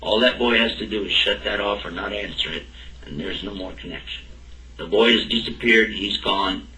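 A man's voice: on the low side, moderate pace, pushed and bright. A man telling a personal story in a talk, acting out both sides of the dialogue. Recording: roomy and distant from the mic.

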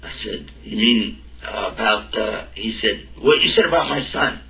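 Male storyteller, bright, voices every character, echoey room. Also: lowish voice, normal speed. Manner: animated, acts out both sides of the dialogue. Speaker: speaker telling a personal story. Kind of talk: anecdotal storytelling talk. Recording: roomy and distant from the mic.

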